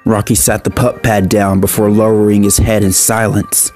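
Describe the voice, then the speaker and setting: A man reading a dark horror story aloud in a steady, measured narration. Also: fairly low pitch, faint music behind.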